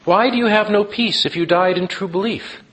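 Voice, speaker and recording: A man's voice: high-pitched, normal speed, a bit bright, pitched above the performer's own voice. A man voicing a bewildered male psychiatrist in a retold story, asking pointed, emphatic questions in a raised voice. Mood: questioning. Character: bewildered, defiant male psychiatrist in a strange tale.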